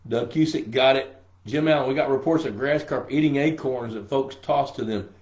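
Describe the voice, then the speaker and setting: This is the host of a pond management show, an older man whose voice is scratchy because of a throat infection, running a relaxed live-stream Q&A. His voice sits at medium pitch, a little mellow, at a normal speed, and he jokes folksily while calling out viewers by name. There's a roomy echo around him.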